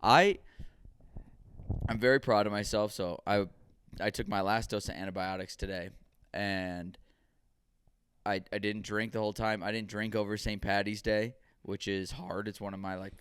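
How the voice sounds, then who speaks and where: A man's voice: lowish voice, steady tone, moderate pace, a bit bright, clear, resonant tone, dry recording, studio quality. A man co-hosting a casual podcast, telling rambling stories and acting out quoted dialogue. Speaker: podcast co-host.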